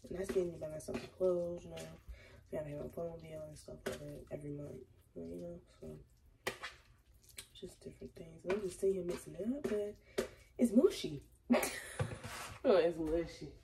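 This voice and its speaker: A young woman vlogs from her kitchen while fighting a cold, her voice sitting low with a gravelly, fry-heavy edge. She rambles to her viewers in a loose, swear-sprinkled chat. The phone picks her up from a distance, with plenty of noise behind her. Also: fairly even intonation, a little fast. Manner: chatty, talks straight to viewers, curses freely. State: has a cold, sniffling. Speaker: vlogger. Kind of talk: casual chat to camera. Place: home kitchen.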